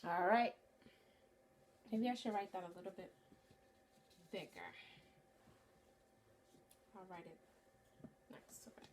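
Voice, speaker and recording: Slow, clear-spoken woman teaching children. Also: medium pitch, darkish tone, slight background noise. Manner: slow, clear and encouraging, stretches key words. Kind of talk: online phonics lesson for young children.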